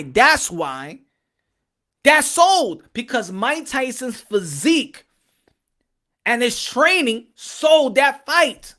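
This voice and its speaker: A man from Texas hosting a casual boxing opinion vlog, talking in an animated, repetitive, profane way. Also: very high voice, takes it slowly. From Texas, USA. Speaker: boxing commentator and host.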